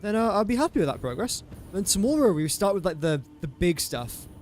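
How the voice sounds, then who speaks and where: A man's voice: high voice, big pitch swings, a little fast, darkish tone, a little hiss or hum. A man talking to himself in casual gameplay commentary, rambling and easily sidetracked. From England. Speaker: gaming streamer.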